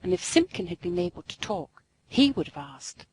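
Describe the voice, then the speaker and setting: A woman narrating a classic storybook aloud in an expressive, sing-song way. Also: lowish voice, normal speed, slight background noise, rough recording.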